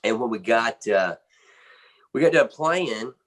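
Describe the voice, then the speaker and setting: A man's voice: medium pitch, animated, slow, fairly bright tone. A man from the United States, a drummer being interviewed, telling a casual, rambling story full of fillers and restarts. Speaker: guest musician, drummer.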